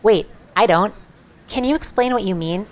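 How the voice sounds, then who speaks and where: A woman's voice: medium pitch, normal speed, slight background noise. A woman interviewing in conversation, curious and probing.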